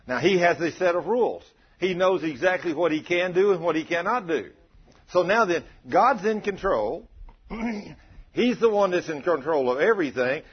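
Husky preacher telling stories. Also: male voice, on the high side, highs cut off. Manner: folksy, dramatic storytelling. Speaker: lay preacher. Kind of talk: sermon testimony.

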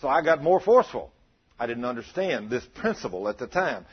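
A man's voice: mid-range voice, very animated, fairly quick, slightly rough, highs cut off. A man preaching a testimony sermon in a folksy, dramatic storytelling way. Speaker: lay preacher.

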